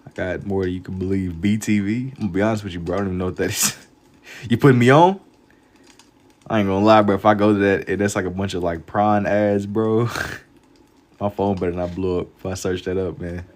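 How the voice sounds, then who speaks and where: A man's voice: low voice, steady tone, a little fast, darkish tone. A young man casually chatting with his live-stream viewers while drawing, laid-back and full of slang. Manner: laid-back slang-heavy banter, reads chat aloud.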